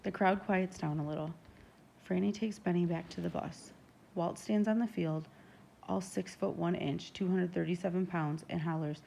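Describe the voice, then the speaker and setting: A woman narrating a first-person novel in a steady, even storytelling manner. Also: lowish voice, normal speed, gravelly, a little hiss or hum. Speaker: audiobook narrator.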